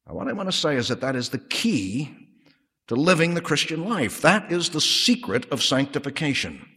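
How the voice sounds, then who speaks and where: A man preaching a sermon with measured, emphatic delivery, slowing to stress key words. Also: fairly high pitch, sing-song, husky, big-room sound. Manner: measured emphatic preaching, drops to soft prayer.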